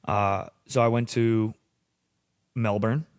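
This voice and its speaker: A man's voice: on the low side, slow, clean tone, dry recording. A young American man in his twenties, a podcast guest telling casual, profane stories in a studio. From United States. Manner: casual, profane, animated storyteller. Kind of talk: casual storytelling.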